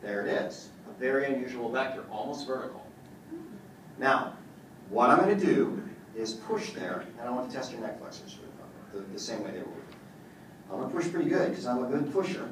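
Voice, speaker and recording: A man's voice: mid-range voice, animated, fairly quick, fairly bright tone, a little hiss or hum. Male chiropractor, joking and boastful live demo presenter, heard from a distance in a very echoey room. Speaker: chiropractor demonstrating on a patient. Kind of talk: live demonstration talk to an audience.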